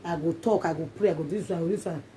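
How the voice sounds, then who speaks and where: A woman with a Nigerian accent speaks straight to her viewers in a loose, emphatic vlog monologue, circling back and repeating her points. Her voice is mellow and dark-toned. A faint hiss sits under the recording. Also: fairly low pitch, racing. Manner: emphatic and repetitive, in Pidgin English. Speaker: vlogger.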